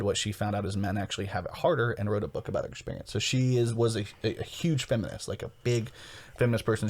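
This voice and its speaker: A man's voice: lowish voice, darkish tone. A man hosting a podcast in casual, rambling chat, often restarting his sentences as he tells stories. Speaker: podcast host.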